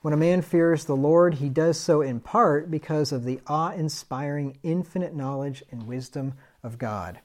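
A man's voice: a little high, moderate pace, hardly any pauses, a little mellow. A middle-aged man preaching in a conversational way, reading scripture aloud and chuckling at his own stories. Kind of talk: Bible study sermon.

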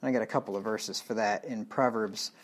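A man's voice: lowish voice, fairly even intonation, a little fast. A man preaching through a Bible book verse by verse, blunt and plain-spoken, reading the old wording and explaining it in everyday talk. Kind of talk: verse-by-verse sermon.

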